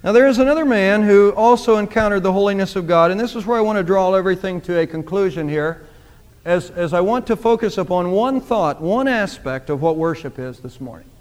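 A man's voice: sits high, expressive, a little fast. A man preaching a sermon, speaking emphatically and repeating phrases for emphasis. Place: church sanctuary. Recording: long church reverb.

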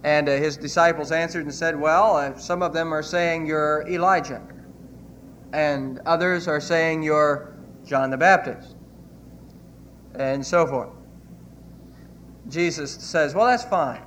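A man's voice: a little high, steady tone, slow, pauses often, fairly bright tone, a little hiss or hum. A man preaching a sermon as pastor, retelling scripture with earnest emphasis.

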